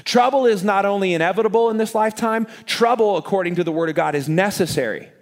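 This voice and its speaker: This is a male pastor with a high-pitched voice, preaching to his congregation. He talks in an animated way and pokes fun at himself. He often repeats words for emphasis. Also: fast talker. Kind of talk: sermon.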